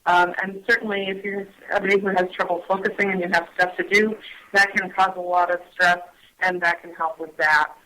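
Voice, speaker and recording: A woman guest on a radio talk show who explains things gently and hesitantly, with many pauses and restarts. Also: on the low side, flat delivery, poor audio. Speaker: guest on mindfulness. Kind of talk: casual radio chat.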